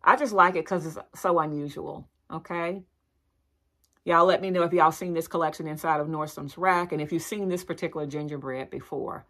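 A woman talks to her viewers in a chatty, easygoing way, calling them y'all. Her voice sits a little low, and she gushes freely. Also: fairly even intonation, brisk, pushed and bright. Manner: chatty, addresses viewers as y'all, gushing exclamations. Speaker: lifestyle vlogger. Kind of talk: casual haul video chat.

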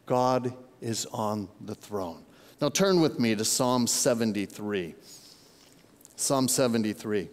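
A man's voice: medium pitch, expressive, takes it slowly, a little mellow. An older man, a pastor, preaching a sermon in a conversational, storytelling way in a large church auditorium. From Southern California. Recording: long reverb in a large hall.

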